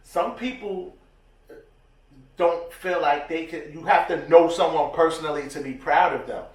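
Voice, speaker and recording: A man's voice: fairly high pitch, measured pace. A man co-hosting a podcast, chatting casually in slang and acting out the quotes in his stories. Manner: animated storyteller, slangy, acts out quotes. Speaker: podcast co-host. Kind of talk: casual chat. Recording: echoey room, distant mic.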